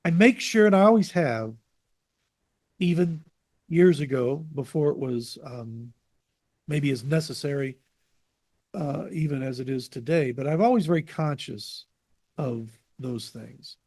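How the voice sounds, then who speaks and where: Brief: male interview guest on a video call, fairly high voice, dry close sound, animated storyteller. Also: unhurried, long pauses, no echo. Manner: lively anecdotes, voices the people he quotes. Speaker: interview guest, jazz radio producer.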